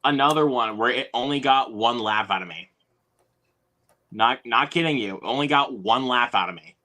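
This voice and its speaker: A man's voice: medium pitch, moderate pace, sharp tone. A young man hosting a live stream, rambling in a laid-back way with lots of fillers. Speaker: streamer host. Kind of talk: casual chat.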